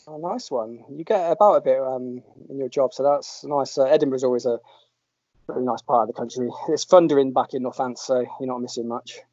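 Male podcast host from England, relaxed and chatty, joking with guests over a dull lo-fi line. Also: medium pitch, a little fast, dry recording. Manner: chatty, jokey, rambling with restarts. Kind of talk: casual podcast chat. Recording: dull lo-fi audio.

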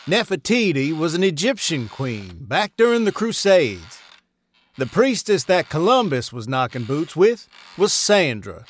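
A man plays a self-satisfied colonel in a comedy sketch. He speaks in stiff, formal phrases and talks down to his partner. His voice sits slightly high and moves around with lively ups and downs. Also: unhurried. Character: smug condescending old colonel, know-it-all. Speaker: comic co-presenter.

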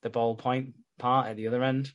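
A podcast co-host with a medium-pitched voice and level tone talks briskly, casually recapping a soap opera. He swears plenty, laughs a lot, and acts out scenes with quoted voices. The sound is lo-fi.

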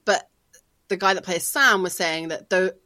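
A woman in her thirties co-hosts a podcast in an easygoing, rambling way. Her voice sits a little low colours her loose, filler-heavy chat. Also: normal speed, pushed and bright. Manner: chatty, rambling, many "like" fillers. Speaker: podcast co-host. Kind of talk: casual chat.

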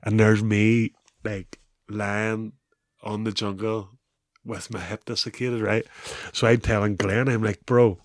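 A middle-aged man with a Northern Irish accent, telling a story casually as an interview guest, animated, with "bro" and "wee" and plenty of laughs. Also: fairly low pitch, a little slow, dry recording, studio quality. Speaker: guest, former rugby player.

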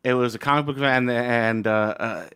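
A man's voice: medium pitch, steady tone, a little fast, fairly bright tone, smooth. A man on a comedy podcast, casually telling a rambling anecdote with restarts and asides. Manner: rambling anecdote with frequent restarts and quoted voices. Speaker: podcast co-host.

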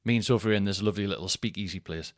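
A man's voice: deep voice, rapid-fire, dry recording, clean studio sound. A man, rambling and swearing through a casual solo podcast chat. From North East England. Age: 30s. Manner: rambling and sweary, thinks out loud. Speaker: podcast host.

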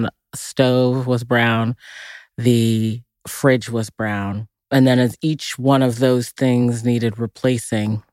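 A woman's voice: a bass voice, dry recording. Woman telling childhood stories in a dry room. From Massachusetts, USA. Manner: reflective, vivid listing, breaks into laughter. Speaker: actress interviewed as guest. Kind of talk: casual interview storytelling.

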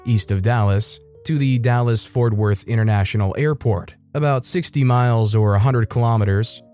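A man reads workplace tales as a scripted storyteller, with a wry, playful edge. His voice sits at an ordinary middle pitch. Soft music plays faintly underneath him. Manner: wry, playful delivery with mock voices for quotes. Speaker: story narrator.

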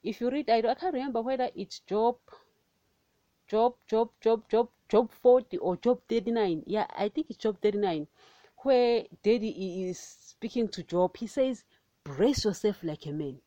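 A woman's voice: fairly high pitch, normal speed, mellow, no echo, highs cut off. A woman preaching informally on a podcast, emphatic and fiery, with many conversational fillers and repeated rhetorical questions. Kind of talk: informal devotional teaching.

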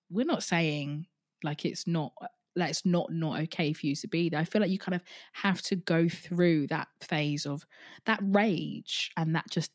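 A woman's voice: low-pitched, darkish tone. A woman hosting a podcast, chatting frankly and casually with her guest, with casual swearing. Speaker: podcast host. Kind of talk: casual interview chat.

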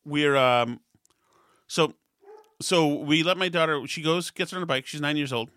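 A middle-aged man hosting a casual monologue, telling stories and getting worked up and loud when he retells arguments. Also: a little high, measured pace, no room sound. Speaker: podcast host.

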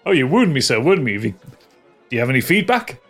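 A man's voice: medium pitch, sing-song, fairly quick, fairly bright tone, faint music behind, voice pushed up. A man voicing a smug male bard who stole another's name, theatrical and fawning, with a thread of menace. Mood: flamboyant. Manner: theatrical, fawning stage patter.

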